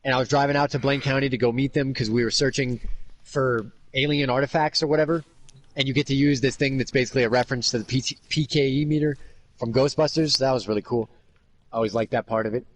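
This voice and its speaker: A man's voice: medium pitch, fairly even intonation, quick pace, a little hiss or hum. A man hosting a podcast in casual chat, rambling with constant fillers and swearing. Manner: rambling, profane, heavy "like" filler. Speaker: podcast host.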